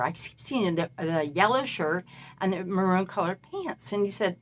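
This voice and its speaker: A woman's voice: mid-range voice, moderate pace. Woman telling a meandering story. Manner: meandering, recounts events at length. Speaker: self-described spirit medium. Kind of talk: casual spoken monologue.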